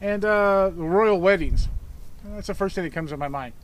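A man's voice: sits high, moderate pace. A middle-aged American man being interviewed on the street, blunt and wry. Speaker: passerby interviewee. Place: outdoors on a street.

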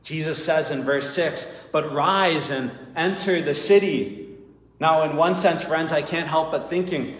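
A man's voice: on the high side, unhurried. A man preaching a sermon in a church, earnest, often asking "right?" and calling his listeners friends. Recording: echoey hall with long reverb.

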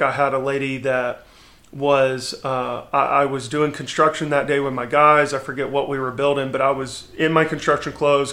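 A man in his thirties, a podcast guest, telling a story in a candid, lively conversational way. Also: mid-range voice. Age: 30s.

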